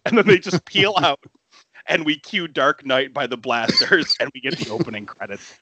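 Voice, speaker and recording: A man's voice: medium pitch, animated, normal speed, pushed and bright, no echo. A man hosting a podcast who retells a film in casual chat, laughing often and swearing freely. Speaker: podcast host.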